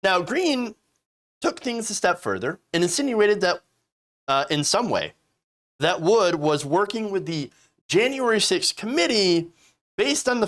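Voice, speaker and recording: A man hosts casual political commentary. His delivery is sarcastic and full of mockery. His pitch swings widely as he talks. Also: fairly bright tone. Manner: sarcastic, mocking voices of opponents.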